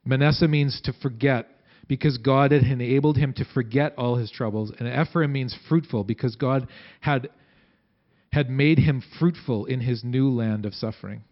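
A man preaching a sermon in a conversational way, acting out quotes with big swings in pitch and loudness. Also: normal speed, dull audio. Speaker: pastor.

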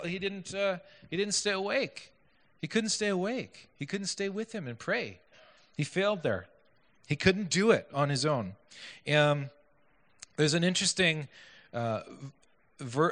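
A man's voice: on the high side, a bit bright. A man preaching a sermon in a conversational way, asking his listeners questions and adding self-deprecating asides. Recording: echoey hall.

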